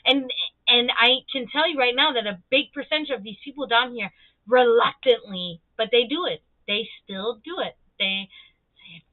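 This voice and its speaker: A high-voiced woman telling a story in loose, profane chat on her stream. She bounces between her own voice and the people she quotes, jumping far up in pitch for them. The sound is dry and thin, like a phone line. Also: moderate pace, no echo. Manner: animated, swearing, acts out quoted people with high jumps in pitch. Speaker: livestream host.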